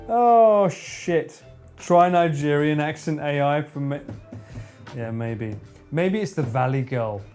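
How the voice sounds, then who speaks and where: A man's voice: on the high side, a little slow, darkish tone, soft background music. A man streaming live, bantering and joking with his chat in a casual way. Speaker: livestreamer.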